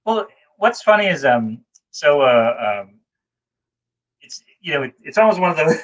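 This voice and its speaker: A man's voice: on the high side, sing-song, a little slow, a bit bright, low-quality recording. A man telling a rambling, self-deprecating story in a casual chat, over a video call. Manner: rambling, many fillers and restarts, self-deprecating. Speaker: guest.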